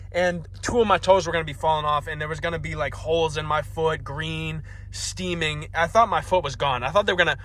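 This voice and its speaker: A man's voice: on the high side, pushed and bright. A young man vlogging, telling a comedic story in an exasperated, profane, self-mocking rant.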